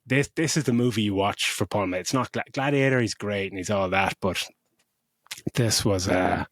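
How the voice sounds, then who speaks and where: A man's voice: on the low side, moderate pace, no echo, clean studio sound. A middle-aged man co-hosting a podcast, gushing about a film in casual chat, swearing freely and tripping over restarts. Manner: emotional when retelling scenes. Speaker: podcast co-host.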